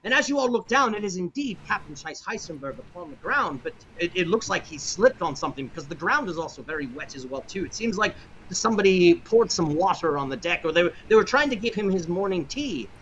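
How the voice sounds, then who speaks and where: A man's voice: sits high, animated, fairly quick, fairly bright tone, highs cut off, a little hiss or hum. A man running a tabletop game as game master, narrating in a rambling way with many fillers.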